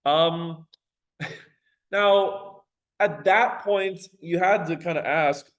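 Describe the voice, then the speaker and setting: A male teacher lectures on a poem in a loose, casual way, full of fillers and quick asides. He breaks into dramatic recitations of the verse now and then. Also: on the high side, rough recording. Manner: casual, many "you know" and "okay?" fillers, dramatic readings of verse.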